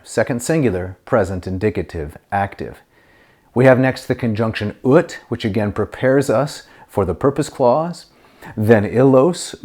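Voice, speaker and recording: A middle-aged man teaching Latin grammar, explaining step by step and reading Latin phrases slowly and clearly. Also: mid-range voice, warm tone. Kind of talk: grammar lesson to camera.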